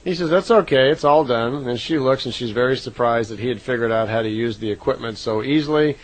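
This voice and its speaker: A man's voice: mid-range voice, fast, poor audio. A man recounting events in a casual, unscripted way, speaking conversationally with frequent fillers and self-corrections. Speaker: narrator recounting contact reports. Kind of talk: casual spoken retelling.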